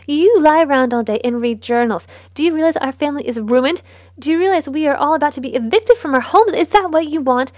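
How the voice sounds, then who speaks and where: A woman playing a shrill, scornful aristocratic mother. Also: brisk, darkish tone, dry recording, clean studio sound, close to an everyday voice. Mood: berating. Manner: shrill, sneering and berating.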